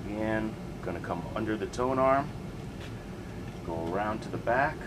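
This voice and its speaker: A man casually narrating a hands-on turntable repair in a relaxed, plainspoken way while he works in a home workshop. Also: on the low side, normal speed, very noisy. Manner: relaxed, plainspoken, working as he talks. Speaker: hobbyist restoring a turntable.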